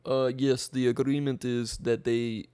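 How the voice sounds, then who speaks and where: A man's voice: medium pitch, level tone, unhurried, mellow, smooth, no room sound, lightly acted. A young man putting on a Russian accent to play a boastful, stubborn male Russian leader in improvised comedy. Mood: smug. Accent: put-on Russian. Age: young adult.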